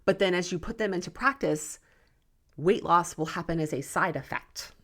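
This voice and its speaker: A woman's voice: on the low side, normal speed. A young adult woman hosting a solo podcast, talking in an emphatic, worked-up, tough-love way. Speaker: podcast host, nutrition coach. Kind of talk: passionate solo podcast talk.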